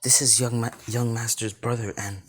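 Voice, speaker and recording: A man's voice: mid-range voice, little pitch movement, moderate pace, slight background noise, close to an everyday voice. A man voicing a loyal male servant who speaks urgently and deferentially.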